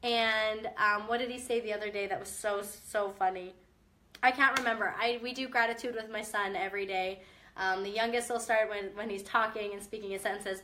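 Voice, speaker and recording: Bright-voiced upbeat young mom. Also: female voice, a little high. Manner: upbeat, chatty, direct encouragement. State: chest cough. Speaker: mom vlogger. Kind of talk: casual motivational talk to camera.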